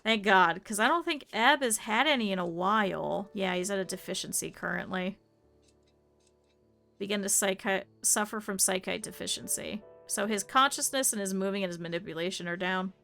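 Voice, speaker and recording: A woman's voice: medium pitch, normal speed, creaky, sharp tone. A woman streamer giving live gameplay commentary, chatty, laughing often and talking to her game characters and chat.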